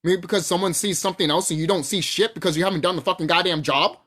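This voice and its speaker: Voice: medium pitch, steady tone, fast, fairly bright tone. A channel host ranting off the cuff to camera, profane and heated, often restarting sentences mid-thought. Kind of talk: unscripted rant to camera.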